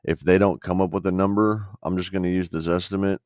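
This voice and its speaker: A man's voice: low voice, fairly even intonation, fast talker, a little mellow, no room sound. A man from the American South, blunt and conversational, coaching viewers through a phone call he made. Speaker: real estate investor explaining a deal. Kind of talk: casual commentary over a call recording. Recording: dull dry voice-over.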